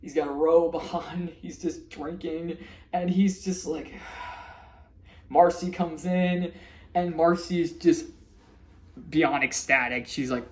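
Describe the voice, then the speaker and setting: A man's voice: on the high side, steady tone, slow pace, pauses often, darkish tone. Rambling man recapping a cartoon. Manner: rambling, with frequent restarts and laughs. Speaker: vlogger reviewing a cartoon episode. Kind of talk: casual spoken recap.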